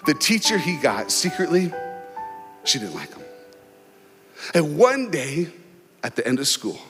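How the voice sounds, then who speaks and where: A man giving an emotional, dramatic inspirational talk as a guest speaker before a large crowd, telling a story with pauses and swells. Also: a little high, very animated, fairly bright tone. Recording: long hall reverb, faint music.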